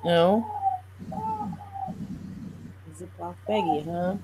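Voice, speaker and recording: Low-voiced woman, slow, noisy room. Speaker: player. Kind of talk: tabletop game chat. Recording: clear background noise.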